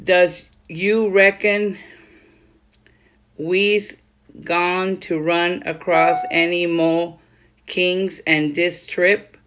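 A woman reading aloud as a slow-drawling Southern country man from an old novel, putting on a Southern US dialect with drawn-out words. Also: lowish voice, level tone, fairly bright tone. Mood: earnest. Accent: Southern US dialect, put on. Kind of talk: reading a quoted line from a novel.

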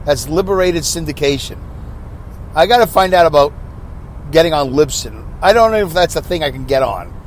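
Guy rambling thru his podcast, kinda high voice, wry and chatty, faint traffic going by. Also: animated, moderate pace. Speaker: podcast host. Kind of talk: casual rambling monologue. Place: on the road with passing motorcycles. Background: passing traffic.

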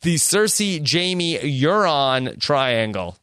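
Smooth-voiced man hosting a podcast. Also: on the high side, very animated, takes it slowly, sharp tone, no room sound, clean studio sound. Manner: leads with questions, many "uh" fillers. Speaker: podcast host. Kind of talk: casual discussion of a TV episode.

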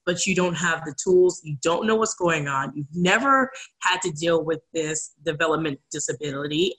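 A woman's voice: fairly low pitch, fairly bright tone, rough recording. A woman guest speaking earnestly in a casual interview, acting out the voices of people she quotes. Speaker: guest, community advocate.

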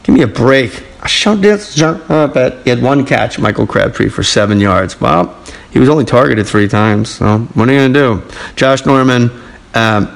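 A man's voice: mid-range voice, animated, moderate pace, vocal fry, poor audio. Profane wisecracking male podcast host. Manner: profane, wisecracking, reading listener mail. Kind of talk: casual comedic sports rant.

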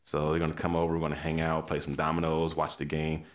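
A man's voice: rumbling low, quick pace, lo-fi sound. A man co-hosting a podcast in casual chat, telling stories with energy and steering the show into its topics. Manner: animated storyteller, leads into topics. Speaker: podcast co-host.

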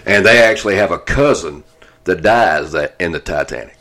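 Laid-back, deep-voiced folksy man. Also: expressive, normal speed, a bit bright. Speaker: podcast co-host. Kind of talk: casual chat.

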